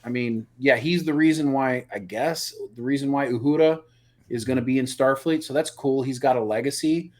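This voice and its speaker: Animated, opinionated man reviewing a show. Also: mid-range voice, moderate pace. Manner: animated, opinionated, repeats words when excited. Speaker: podcast co-host. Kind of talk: casual live review chat.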